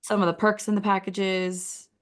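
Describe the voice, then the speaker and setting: A woman walking through a website critique in a relaxed, conversational way. She talks casually and encouragingly, filling her sentences with "like" as she thinks aloud. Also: mid-range voice, normal speed. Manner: chatty, encouraging, uses "like" a lot. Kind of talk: casual screen-share critique.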